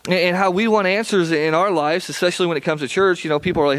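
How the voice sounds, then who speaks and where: A man preaching in an easy, conversational way, his voice sitting a little high for a man. He pleads with the listeners, repeats himself and often restarts his words as he explains a scripture passage. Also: steady tone, fast talker, few pauses, fairly bright tone. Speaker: pastor. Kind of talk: sermon.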